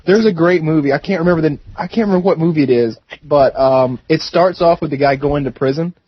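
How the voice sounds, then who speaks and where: A young man on a podcast, telling a story in a quick, chatty way. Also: a little high, dry recording. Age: young adult. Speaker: podcast co-host. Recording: dull lo-fi podcast audio.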